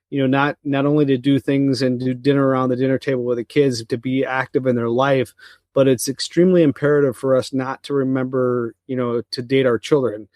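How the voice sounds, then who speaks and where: A man's voice: medium pitch, a little mellow, no room sound. Middle-aged guy rambling thru a story on a podcast, lots of restarts, dry close sound. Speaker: podcast co-host. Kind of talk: casual chat.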